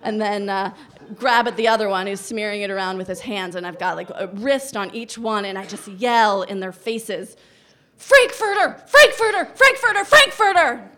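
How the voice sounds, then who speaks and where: A woman in her thirties telling a personal story on stage, animated and wry, often breaking into laughter. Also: mid-range voice, moderate pace.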